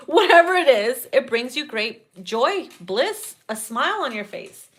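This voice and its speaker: Profane, animated tarot reader woman. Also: high-pitched, moderate pace, few pauses. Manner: blunt, profane and animated, breaks into loud laughter. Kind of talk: casual tarot reading monologue.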